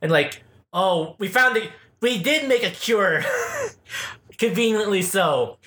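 A man hosting a podcast, chatting casually and recapping a movie in an animated, profane way. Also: sits high, slow, echoey room. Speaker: podcast host. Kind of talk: casual chat.

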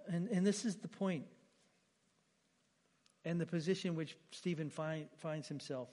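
A man's voice: fairly high pitch, unhurried. Emphatic male preacher in a reverberant hall. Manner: emphatic, repeats words, swings between loud and quiet. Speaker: pastor. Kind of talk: sermon.

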